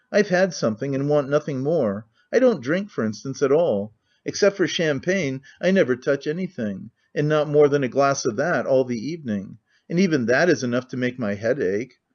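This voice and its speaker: A man's voice: on the high side, a little mellow, lightly acted. A man voicing a cynical, talkative middle-aged nobleman who rambles with languid candor, on a muffled lo-fi recording.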